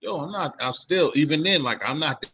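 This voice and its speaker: A man's voice: on the high side, brisk, slightly rough, rough recording. A man from hosting a casual chat, rambling in street slang with many restarts. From Boston. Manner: rambling, restarts, animated quoting. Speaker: podcast host.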